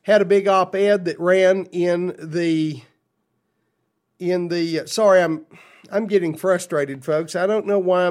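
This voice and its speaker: A man's voice: sits high, a little mellow. A man hosting a political talk radio show, blunt and opinionated, reading news quotes with his own asides.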